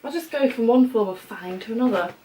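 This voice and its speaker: A woman's voice: a little high, expressive, fast talker, music in the background. A young woman with a British accent, rambling and giggling through casual vlog outtakes, often mocking herself. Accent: British English. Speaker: vlogger.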